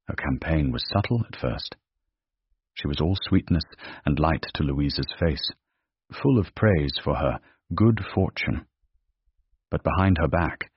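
A man narrating a period romance story in a measured, dramatic manner. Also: a bass voice, breathy edge, no echo. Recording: dry, dull lo-fi.

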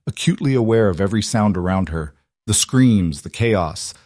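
Brief: male audiobook narrator, steady dramatic storytelling, low pitch, dry booth sound. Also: no echo.

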